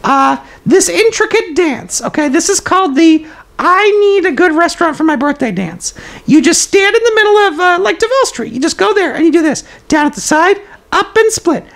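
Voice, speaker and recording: A man gives a zany toilet paper roll puppet a very high, sing-song, slightly bright voice with vocal fry, exaggerated and at normal speed. The puppet runs a comedic live stream, matter-of-factly dispensing absurd life advice and talking to viewers with hesitant fillers.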